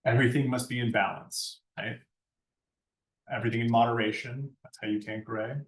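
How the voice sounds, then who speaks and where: A man with a steady, medium-pitched voice talks a little fast through a conversational lighting design lecture, frequently ending points with "right?" The classroom sounds echoey, and the mic is far from him.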